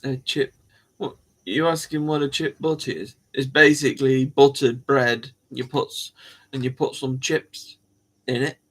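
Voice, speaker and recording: A man's voice: medium pitch, fairly even intonation, measured pace, fairly bright tone. A man hosting a live stream, rambling and musing aloud to his viewers in casual chat, coughing now and then.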